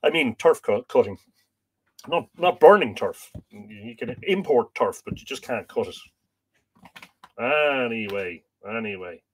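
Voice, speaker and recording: A man's voice: medium pitch, lively intonation, unhurried, slight background noise. An Irish man hosting a casual livestream, greeting viewers by name and making jokes as he reads out their comments. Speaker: livestream host.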